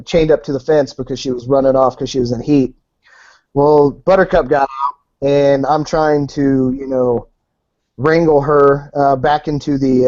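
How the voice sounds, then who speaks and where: Guy telling a crazy story, a bit high voice, dry dull lo-fi sound, swears a lot. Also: no room sound. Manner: animated, swears, acts out voices in anecdotes. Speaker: podcast guest. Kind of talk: casual storytelling. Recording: dull lo-fi podcast audio.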